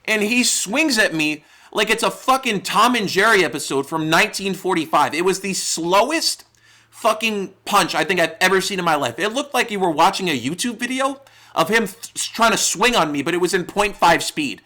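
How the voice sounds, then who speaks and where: Young man from New York, high and bright voice, profane rambling comic storyteller. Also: lively intonation, normal speed. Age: young adult. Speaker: YouTuber. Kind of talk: comedic storytime narration.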